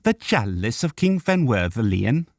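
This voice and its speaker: A man's voice: medium pitch, very animated, measured pace, no echo, studio quality, pitched above the performer's own voice. A man voicing a pompous, outraged male elf ambassador with a Welsh accent and ornate diction.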